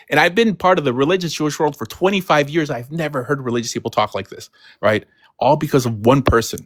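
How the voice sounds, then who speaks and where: A man's voice: fairly high pitch, fast talker, a bit bright, dry recording, studio quality. A man on a casual live stream explaining his views earnestly, often adding "you know" and "right". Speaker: guest.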